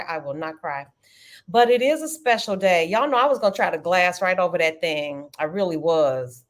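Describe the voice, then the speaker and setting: A middle-aged woman hosting a live trading stream, chatting animatedly and calling her viewers y'all. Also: medium pitch. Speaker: livestream trading host. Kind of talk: casual live-stream chat.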